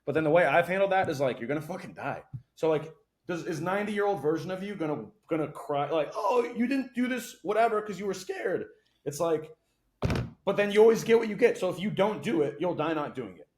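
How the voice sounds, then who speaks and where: A young man speaks as a podcast guest in a casual, loose chat. His words come rapid-fire, full of swearing and lively storytelling, and his voice sits a touch high for a man. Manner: fast, profane, animated storytelling.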